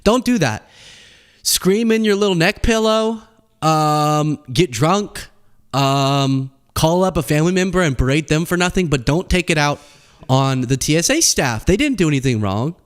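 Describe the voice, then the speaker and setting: A young man talks through politics and his own travel stories in a loose, chatty way. His voice sits slightly high and swings widely, and he slips into exaggerated high voices whenever he imitates someone. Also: normal speed, smooth. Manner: animated storytelling, acts out quoted people in high voices. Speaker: political commentary host. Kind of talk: casual political commentary.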